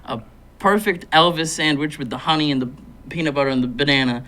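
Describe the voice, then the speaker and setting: A man co-hosting a casual podcast, telling blunt, profane stories and laughing loudly. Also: on the high side, fast talker. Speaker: podcast co-host. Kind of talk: casual crude storytelling.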